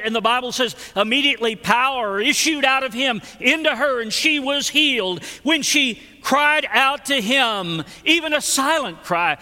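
High-voiced, bright male preacher in a reverberant hall. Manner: emphatic preaching with repeated phrases and folksy asides. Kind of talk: sermon.

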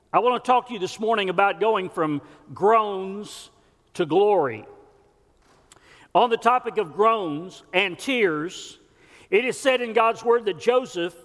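A male pastor with a high, slightly bright voice preaches a sermon, earnest and folksy, weaving in scripture and homespun stories. Long church hall reverb fills the recording.

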